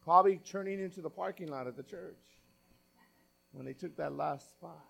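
A male pastor with a high, light voice delivers a sermon. He reads scripture with dramatic stress, rising loud on key lines and dropping to near-hushed asides. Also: normal speed, vocal fry, pauses often. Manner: swings from loud emphatic reading to quiet asides.

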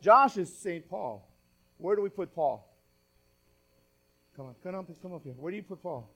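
A man preaching a sermon as pastor, reading scripture aloud with dramatic stress and swinging from loud emphatic lines to quiet asides. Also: high voice, animated, normal speed, slightly rough, dull audio.

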